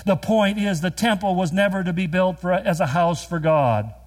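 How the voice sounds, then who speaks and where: A man preaching a sermon, earnest and emphatic, with quick storytelling asides. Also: high voice. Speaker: pastor.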